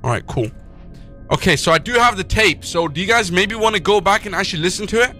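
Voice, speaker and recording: A man's voice: high-pitched, animated, fast, pushed and bright, soft background music. A man chatting casually while playing a game with friends, urging the group along. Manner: bossy, urges the group on. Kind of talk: casual gaming chat.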